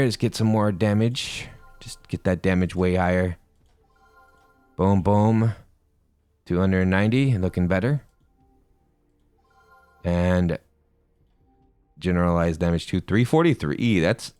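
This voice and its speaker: A man's voice: sits low, a little slow, pauses often, darkish tone, clean tone, no echo, faint music behind. A man giving playful gameplay commentary, talking to himself and cracking corny jokes as he plays. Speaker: gaming YouTuber.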